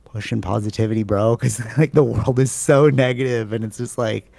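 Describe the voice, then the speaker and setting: Man, casual podcast rambler, gravelly, dark tone, dry close mic. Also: medium pitch, steady tone, moderate pace, no echo. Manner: rambling, filler-heavy, says "like" and "bro" a lot. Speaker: podcast co-host.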